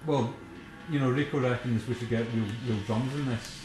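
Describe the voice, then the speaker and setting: A man's voice: medium pitch, fairly even intonation, moderate pace. A young Scottish man giving chatty, teasing commentary on his band's album, laughing a lot. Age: young adult. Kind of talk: casual chat. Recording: echoey room with faint music.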